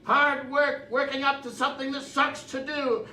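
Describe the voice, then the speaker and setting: A man's voice: extremely high pitch, flat delivery, moderate pace. A man performing a live stage comedy routine, joking at his own expense and coaxing the audience to cheer along. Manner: joking, self-mocking, coaxing the crowd to cheer. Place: live venue before an audience. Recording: roomy distant mic with loud crowd and noise.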